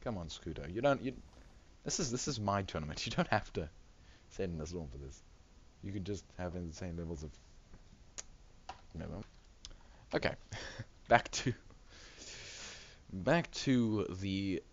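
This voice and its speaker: Giggly low-voiced man commentating games. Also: animated, moderate pace, pauses often, highs cut off. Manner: giggly, rambling, laughs often. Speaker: tournament host and commentator. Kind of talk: casual game commentary.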